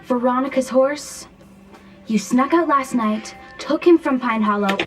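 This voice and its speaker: A woman's voice: high-pitched, measured pace. An actress playing a bold, pushy teenage girl in a TV drama, accusing someone insistently. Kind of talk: teen TV drama acting. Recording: distant TV audio with music.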